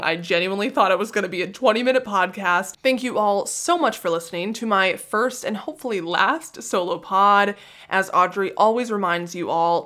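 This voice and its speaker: A woman's voice: medium pitch, fairly bright tone. Young female podcast host, solo gossip episode, sarcastic and self-mocking delivery.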